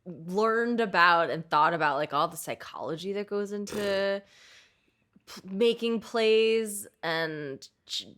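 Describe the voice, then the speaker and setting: A woman's voice: medium pitch, slow pace, a bit bright. A woman hosting a podcast, chatty and self-deprecating, laughing often. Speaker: podcast host. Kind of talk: casual chat.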